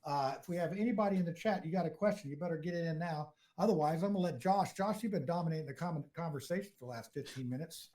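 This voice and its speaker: A man's voice: fairly high pitch, fast talker, hardly any pauses, dark tone. A man hosting a podcast in casual chat, rambling with many fillers and restarts. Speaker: podcast host.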